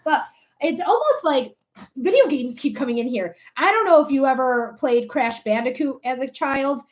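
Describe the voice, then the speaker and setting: A woman in her thirties giving a live tarot reading in a chatty, animated way, laughing often and swearing casually. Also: high voice, moderate pace. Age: 30s. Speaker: tarot reader.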